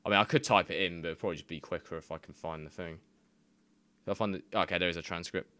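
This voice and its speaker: A man's voice: deep voice, steady tone, fast, pushed and bright. A man, casually reading odd machine translations aloud, laughing and swearing as he goes. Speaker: gaming video creator.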